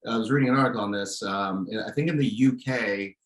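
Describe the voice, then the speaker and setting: A man's voice: fairly low pitch, a little fast. Opinionated man ranting in a roomy space. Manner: opinionated, ranting, with many restarts. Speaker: podcast co-host. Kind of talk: casual chat.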